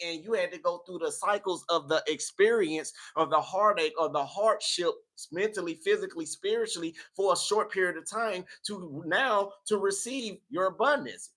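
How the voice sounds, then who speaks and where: A man giving a casual spiritual tarot reading in a preachy, animated, slangy motivational way. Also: high voice. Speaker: tarot reader.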